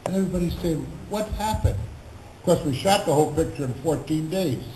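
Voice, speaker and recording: An older man, pitched a little high for his age, recounts stories with animated gusto and acts out the voices of the people he quotes. His voice carries through a roomy convention hall with a faint hum of crowd behind it. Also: fast. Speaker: convention panel guest. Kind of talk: anecdotal storytelling.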